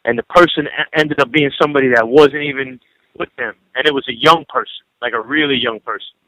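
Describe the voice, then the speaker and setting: A man's voice: mid-range voice, quick pace, sharp tone, dry recording. A man telling rambling, profane stories over a phone call in a casual radio interview, peppering his talk with "you know". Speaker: guest recalling a late friend.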